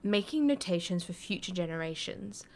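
A woman's voice: lowish voice, animated, normal speed. A woman voicing a cheeky young male sorcerer who teases and pushes his luck. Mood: explaining. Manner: playful, pushing his luck.

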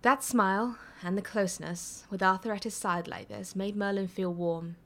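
A woman reading a story aloud in a steady, expressive way. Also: medium pitch, normal speed. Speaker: story reader. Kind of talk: reading fan fiction aloud.

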